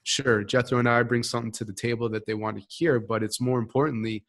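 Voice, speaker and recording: A man of middle pitch speaks with upbeat, motivational energy. He lays out advice in numbered points during a live Q&A. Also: fairly even intonation, quick pace. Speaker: cohost, mastermind leader. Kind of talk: live Q&A conversation.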